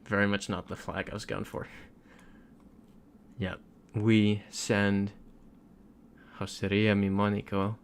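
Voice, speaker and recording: A young man from Florida on a gaming livestream talks in a low, gravelly voice and laughs as he reads out comments. Faint noise and keyboard typing sit behind him. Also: completely flat delivery, slow pace, pauses often. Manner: chatty, reads viewer comments aloud, laughs often. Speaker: streamer. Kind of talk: casual livestream chat while gaming.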